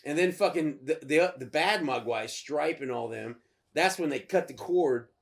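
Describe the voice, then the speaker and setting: A man co-hosting a podcast, retelling a film scene by scene, swearing freely and shouting out the characters' lines. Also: a little high, moderate pace, vocal fry. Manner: profane, excitable, shouts impressions of characters. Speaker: podcast co-host. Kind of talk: animated movie recap, acting out scenes.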